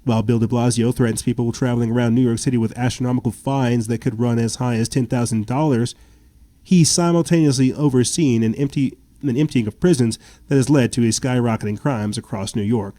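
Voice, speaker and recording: A man's voice: mid-range voice, fairly even intonation, a little fast, warm tone, no room sound. A man hosting a political commentary podcast, reading news reports aloud and adding sarcastic, indignant remarks with stammered restarts. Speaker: podcast host.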